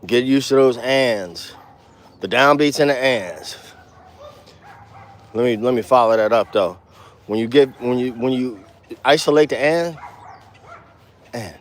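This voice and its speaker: A man teaching bass in a casual walk-and-talk outdoors, talking blunt street slang with cursing and counting beats out loud. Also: a little slow, long pauses. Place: outdoors, walking.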